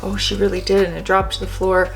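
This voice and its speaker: A woman's voice: medium pitch, fast talker, vocal fry, heavy background noise. A young woman from Canada hosting a reaction video, talking in a chatty, sassy way from her bedroom. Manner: chatty, animated, sassy asides. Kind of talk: casual reaction commentary.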